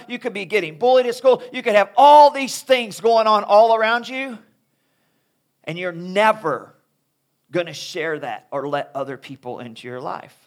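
A man preaching a sermon to young people as a youth speaker, talking in an animated, conversational way. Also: high voice.

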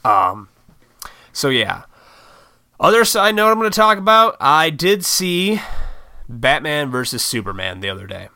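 Speaking to the camera in a casual monologue, this sleep-deprived vlogger rambles through a swear-filled story that pokes fun at his own impatience. His slightly high voice is very animated and sharp in tone, yet his pace is a little slow with frequent pauses. There's no room sound, and the quality is studio-grade.

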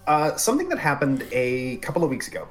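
A man's voice: medium pitch, huge pitch swings, fast, fairly bright tone, faint music behind. A man hosting a casual gaming podcast who talks loosely, with fillers and casual swearing, on a home podcast mic. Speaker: podcast host. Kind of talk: casual chat.

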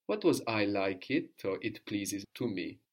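Male tutor, lowish voice, patient and drilling, slow repeats. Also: expressive. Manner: patient, prompting questions, repeating answers slowly. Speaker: language teacher. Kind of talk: one-on-one Greek lesson.

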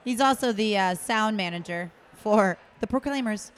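A woman guest on a podcast, chatting casually and teasing the others with quick banter. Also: mid-range voice, smooth. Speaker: guest, cider maker. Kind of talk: casual chat.

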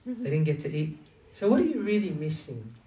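This man's voice sits on the high side, mellow, with big pitch swings and a slightly fast delivery. He preaches a conversational sermon, engaging the crowd with many rhetorical questions, captured distantly in an echoey room.

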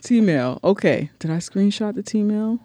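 A woman hosting a podcast in casual chat, expressive and profane, quick to agree and riff. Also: mid-range voice, no room sound. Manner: expressive, profane, lots of affirming backchannel. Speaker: podcast host.

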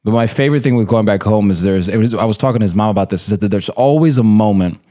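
A man with a fairly low voice chats on a podcast, spinning loose stories from set and from home. He swears freely and slips easily into quoting people, keeping a relaxed storyteller's rhythm. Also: fast talker. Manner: relaxed, profane, animated storytelling. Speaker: actor, podcast guest. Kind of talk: casual storytelling chat.

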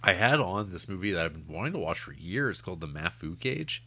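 A man's voice: deep voice, very animated, brisk, bright, forceful tone, husky. A man co-hosting a podcast in casual chat, wry and blunt with joking asides. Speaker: podcast co-host.

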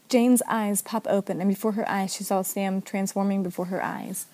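Mellow-voiced woman reading a story. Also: mid-range voice, steady tone, moderate pace, few pauses. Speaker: narrator.

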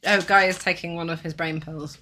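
A woman's voice: lowish voice, fairly even intonation, a little fast, pushed and bright, a little hiss or hum. A woman co-hosting a podcast, teasing her co-host and slipping into storybook narration. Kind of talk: casual banter.

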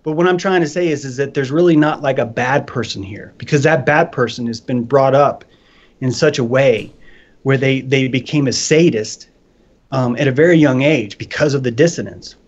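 A man in casual podcast talk, animated and profane, who slips into voices to make his points. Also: mid-range voice, normal speed. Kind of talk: casual chat. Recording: dull lo-fi sound.

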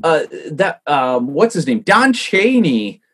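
Loose, rambling male co-host with a husky, slightly high voice. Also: sing-song, takes it slowly, fairly bright tone. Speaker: podcast co-host. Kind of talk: casual comedic chat.

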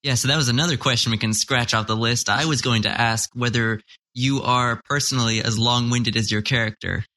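Bright-voiced male interviewer. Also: medium pitch, fairly even intonation, fairly quick. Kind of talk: interview questions.

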